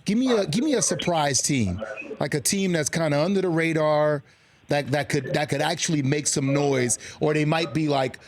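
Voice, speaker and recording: A man's voice: fairly high pitch, moderate pace. A man co-hosting a sports talk show, easygoing and restarting his sentences as he goes. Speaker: co-host. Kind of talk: casual chat.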